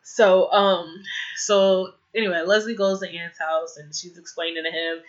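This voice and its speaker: A woman's voice: fairly low pitch, steady tone, a little slow. A young woman casually recapping a TV episode, rambling with lots of "like" fillers and exasperated, opinionated asides. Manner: rambling, heavy use of "like" fillers. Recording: slightly dull lo-fi audio.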